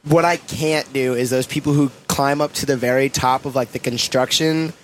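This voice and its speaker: A man's voice: medium pitch, steady tone, normal speed. A man with a mid-range voice, talking hesitantly and stopping often to restart his thoughts. Faint noise lies under the voice. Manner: hesitant, full of fillers. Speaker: podcast co-host. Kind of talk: casual chat.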